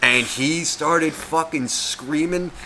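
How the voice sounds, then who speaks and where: A man's voice: a little high, slow, slight background noise. A man in his thirties telling a story in casual podcast chat, swearing often and acting out other people's lines. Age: 30s. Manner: animated, profane, acts out quoted voices. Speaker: podcast co-host.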